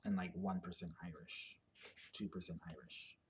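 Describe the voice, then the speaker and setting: A man with a fairly low voice talks through a topic off the cuff, circling back and restarting his sentences. He leans on filler words as he works out his points, and a faint hiss sits under the recording. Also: steady tone, normal speed. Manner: rambling, full of "like" and restarts. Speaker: commentator on genetic ancestry. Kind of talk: casual explanatory monologue.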